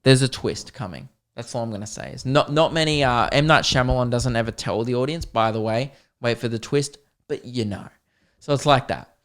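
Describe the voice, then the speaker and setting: A man, hosting a podcast and telling a comedic story in an animated, mock-dramatic way with plenty of swearing. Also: medium pitch, brisk. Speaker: podcast host.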